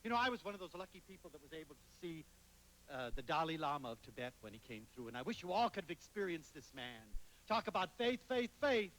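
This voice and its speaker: Male speaker, high bright voice, lively lecture delivery, drops to near-whisper and bursts loud. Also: quick pace, rough recording. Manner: animated, dramatic storytelling with sudden loud and soft swings. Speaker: motivational speaker. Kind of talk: public lecture with anecdotes.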